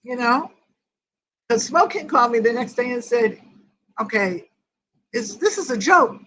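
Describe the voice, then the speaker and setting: An older woman hosting a grief group speaks in a fairly high, expressive, slightly bright voice, a little slowly, on a rough recording with some hiss or hum. Chatting casually, she rambles through a personal story and quotes every conversation verbatim.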